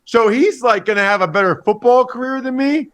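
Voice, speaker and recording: A former football player and analyst on a radio show, talking in a lively, teasing, joking way. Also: male voice, extremely high pitch. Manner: lively, teasing, quick to joke. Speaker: football podcast host and analyst, guest. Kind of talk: casual radio interview banter.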